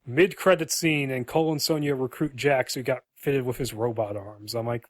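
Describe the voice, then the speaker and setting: A man's voice: medium pitch, steady tone, normal speed, no room sound. A man co-hosting a podcast, casually and animatedly retelling a movie script and acting out its lines. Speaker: podcast co-host.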